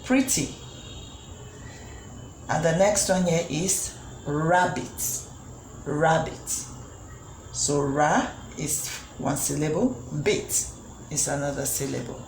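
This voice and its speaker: Woman teacher, low voice, slow and patient, echoey room, faint hiss. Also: darkish tone. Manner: patient, repeats words slowly. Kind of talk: children's phonics lesson.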